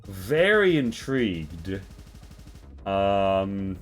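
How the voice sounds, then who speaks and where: Deep-voiced man running a tabletop game. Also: drawn-out words, soft background music. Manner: relaxed, with many fillers. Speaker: game master.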